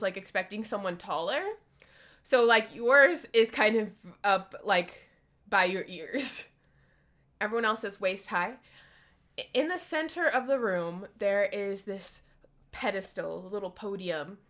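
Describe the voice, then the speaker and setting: A woman's voice: mid-range voice, a bit bright. Woman narrating as dungeon master. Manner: loose, chatty scene-setting with fillers. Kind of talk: narrating a tabletop game.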